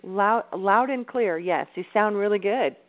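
A woman's voice: medium pitch, unhurried. A woman co-hosting a talk show, an upbeat and encouraging interviewer. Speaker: podcast co-host. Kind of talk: casual radio chat. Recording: phone-like call-in audio.

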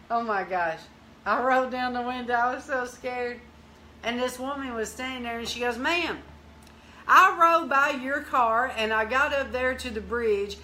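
Woman preacher telling a testimony, bright forceful voice, acts out all the dialogue, slips into prayer and praise. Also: on the high side, slight background noise. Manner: lively storyteller, acts out dialogue, bursts into praise. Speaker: Christian teacher and host.

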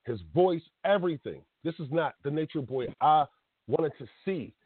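Animated man ranting over a phone line. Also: on the high side, moderate pace, no echo. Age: 30s. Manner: blunt, emotional rant with laughs and restarts. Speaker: podcast host. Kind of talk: casual call-in wrestling talk. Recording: dry phone-line sound.

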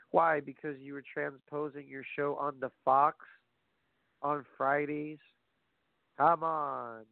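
A man ranting casually about wrestling, profane and animated, addressing his audience directly. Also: a little high, slow pace, vocal fry, no room sound. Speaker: wrestling commentary host. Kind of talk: casual opinionated wrestling talk. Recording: phone-like lo-fi audio, dry.

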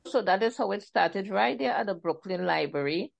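A woman's voice: mid-range voice, moderate pace, gravelly, muffled recording. A woman from Trinidad and Tobago with a Trinidadian accent, an author chatting animatedly about her book in an interview. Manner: chatty, animated storyteller, laughs often. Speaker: author guest. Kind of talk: casual interview chat.

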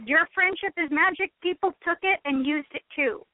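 A woman with a very high voice talks in a casual, opinionated way and laughs a lot. Her sound is thin and phone-like. The line is dry with no room around it. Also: normal speed, no room sound. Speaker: podcast co-host. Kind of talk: casual chat.

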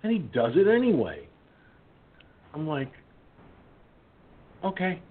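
Husky man rambling over a phone line. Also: medium pitch, animated, normal speed. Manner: rambling storyteller, many restarts and fillers, acts out quoted friends. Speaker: radio show host. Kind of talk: casual call-in radio chat. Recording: tinny phone-line sound.

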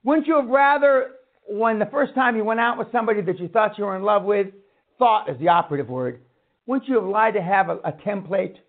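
Male seminar speaker, very high pitch, blunt and foul-mouthed; thin telephone-quality audio. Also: fairly quick. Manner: blunt, swearing, ranting. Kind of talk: profane motivational lecture. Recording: tinny phone-like line.

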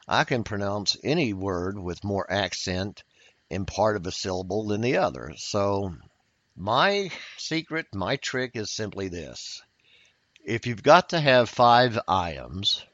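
Man, lower voice, unhurried workshop leader, dull dry lo-fi recording. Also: a bit bright, dry recording. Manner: patient, explanatory, with fillers and repetitions. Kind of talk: workshop lecture.

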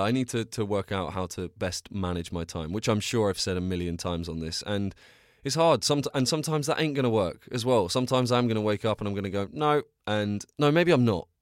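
A man's voice: low-pitched, no room sound, clean studio sound. A young man hosting a solo podcast, chatting casually in a rambling, self-deprecating way and telling stories with bursts of energy. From England. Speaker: podcast host.

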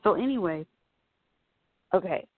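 A woman's voice: fairly low pitch, lively intonation, measured pace, no room sound. A woman vlogger telling a personal story in a casual, chatty way, full of "you know" asides. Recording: dry, tinny phone-like sound.

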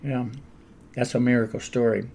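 An older man, a pastor, telling stories in a relaxed, conversational interview and laughing often along the way. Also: medium pitch, normal speed, creaky. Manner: animated anecdotal storyteller, laughs often.

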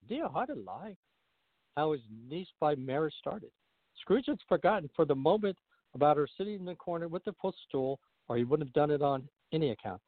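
A man hosting a radio show, reading a classic story aloud with a lively, expressive delivery. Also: fairly high pitch, moderate pace, dry recording. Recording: narrow phone-line sound.

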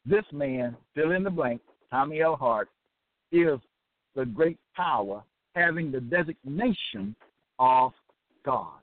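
A man's voice: medium pitch, lively intonation, slow pace, no echo. A man delivering a preaching lecture, firing off repetitive rhetorical questions and tagging lines with "okay?". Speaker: religious teacher. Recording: tinny dry phone-line sound.

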